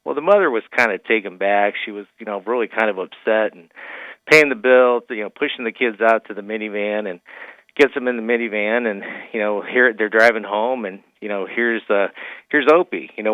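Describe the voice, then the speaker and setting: A man's voice: fairly low pitch, brisk, dry recording. A man speaking as a financial advisor on a radio call-in, folksy and full of fillers as he tells a story. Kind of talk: phone-in radio guest, storytelling. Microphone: phone. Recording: tinny phone line.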